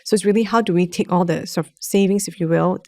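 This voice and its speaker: A woman with a Singaporean accent, a bank executive guest explaining things in a measured way on a casual podcast. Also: fairly low pitch, dark tone, dry recording.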